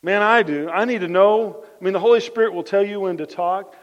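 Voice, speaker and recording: A man preaching a conversational sermon, telling lively everyday stories, repeating his phrases and dropping his voice soft for the key points. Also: high-pitched, fairly quick, long reverb tail, muffled recording. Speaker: pastor.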